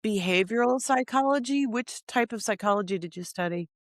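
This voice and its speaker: A woman's voice: medium pitch, fairly quick, no room sound, studio quality. A woman podcast host in casual interview chat, speaking thoughtfully and building on her guest's points.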